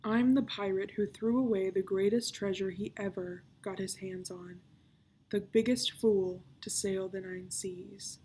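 A woman's voice: mid-range voice, a little mellow, slight background noise, lightly acted. A woman reading aloud, voicing a brooding, fatalistic male pirate captain of about thirty who talks in grim growls.

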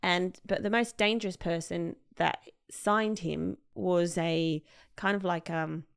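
Chatty woman with a touch of vocal fry. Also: fairly low pitch, fairly even intonation, takes it slowly. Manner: chatty, many fillers, acts out quoted people. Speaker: podcast co-host. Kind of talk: casual chat retelling a story.

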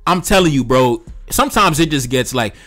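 A man's voice: medium pitch, expressive, moderate pace, sharp tone, faint music behind. A man giving heated opinion commentary, lecturing in a repetitive, profane rant. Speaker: online commentator.

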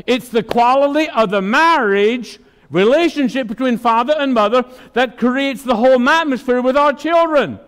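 Male pastor, high voice, emphatic call-and-response sermon, long hall reverb. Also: normal speed, a bit bright, smooth. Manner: emphatic preaching, asks the congregation questions.

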